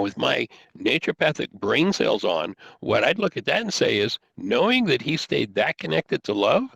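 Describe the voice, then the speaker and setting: An older man hosting a talk show, teaching in an animated way and acting out the quoted dialogue. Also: medium pitch, vocal fry, husky, no echo, poor audio. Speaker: host.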